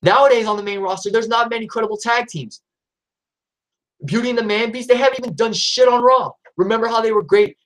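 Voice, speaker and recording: A man ranting in a vlog about wrestling booking, frustrated and exasperated, with frequent restarts and sudden jumps up in pitch when he gets riled. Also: fairly even intonation, quick pace, fairly bright tone. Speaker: wrestling YouTuber.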